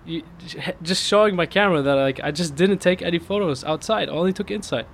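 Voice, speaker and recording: A man's voice: fast talker, gravelly, few pauses. Guy telling a story to friends, laughing and getting worked up, bit of noise behind. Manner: laughs through the punchline, voice climbs high with excitement. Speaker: storyteller in a casual podcast chat. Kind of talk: casual chat, animated storytelling.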